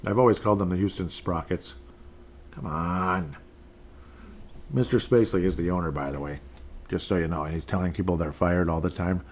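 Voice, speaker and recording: A man's voice: low voice, brisk, pauses often, a little hiss or hum. A man hosting a solo sports podcast, rambling casually with jokey, self-deprecating asides. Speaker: podcast host.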